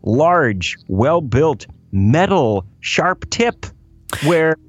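A man's voice: fairly high pitch, very animated, very slow, breathy edge, dry recording, lo-fi sound. A man co-hosting a podcast, joking and riffing playfully in casual chat. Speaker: podcast co-host.

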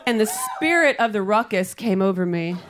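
A woman's voice: medium pitch, very animated, moderate pace. Brash woman comic on a noisy live stage. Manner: brash, profane, punchy delivery. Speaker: stand-up comedian. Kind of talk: stand-up comedy set. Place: comedy stage before a live audience. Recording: live room with loud crowd noise.

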